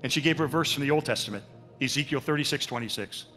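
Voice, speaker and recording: An older man telling his faith story as a sermon at a church, with animated storytelling and acted-out quotes. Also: medium pitch, fast, faint music behind. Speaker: speaker at a church. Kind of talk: testimony sermon.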